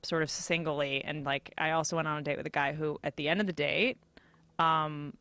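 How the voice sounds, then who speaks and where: A woman's voice: low-pitched, fairly even intonation, moderate pace, a bit bright, clean tone, no room sound. A woman guest on a podcast, chatting casually and telling self-mocking stories with lots of laughter. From United States. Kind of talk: casual chat.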